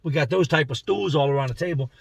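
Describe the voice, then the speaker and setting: Casual male storyteller, slangy and husky, slightly higher voice, dry in-car sound. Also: fast, no echo. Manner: slangy, conversational, acts out the voices in his story. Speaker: vlogger telling a prison story. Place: inside a car.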